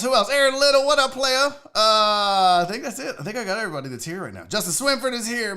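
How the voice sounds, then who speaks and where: A man's voice: high voice, bright, forceful tone. A man hosting a casual sports livestream, talking loosely with some swearing and calling out viewers in the chat by name. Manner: loose and profane, greeting chat members by name. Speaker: sports show host.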